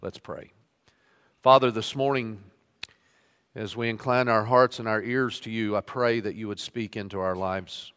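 A man's voice: fairly low pitch, fairly even intonation, normal speed, a bit bright, clean tone, big-room sound. A man preaching a sermon, reading scripture aloud and stressing the quoted lines, then leading a prayer. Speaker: pastor. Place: church sanctuary.

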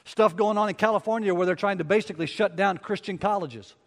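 A man's voice: sits high, fast talker. A middle-aged man, preaching a sermon in a folksy, rambling, self-deprecating way, recorded in a church sanctuary. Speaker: pastor. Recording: long reverb of a church hall.

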